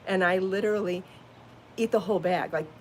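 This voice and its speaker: Speaking briskly in a mid-range voice over slight background noise, a woman hosts a casual live podcast, starting at home and ending up in her garden. She designs crochet, and she's bubbly and talkative, with frequent laughter.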